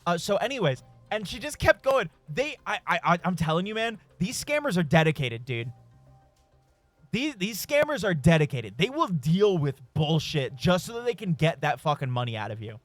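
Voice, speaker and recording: A man's voice: high-pitched, very animated, moderate pace, a bit bright, no echo, faint music behind. A man streaming a game, rambling through a story in casual, profane chat with frequent chuckles. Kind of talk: casual storytelling while gaming.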